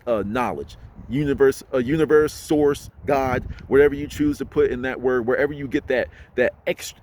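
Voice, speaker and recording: A man's voice: medium pitch, a little hiss or hum. A man casually explaining to camera, rambling and full of fillers. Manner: loose, rambling, heavy with fillers. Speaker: spiritual channel host.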